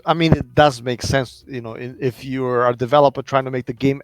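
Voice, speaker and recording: A man on a casual podcast who lays out his arguments at length and leans on fillers as he goes. His voice is recorded close and dry, with faint music underneath. His pitch is average. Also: fairly even intonation, no room sound. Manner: measured, explaining, many fillers. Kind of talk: casual gaming podcast chat.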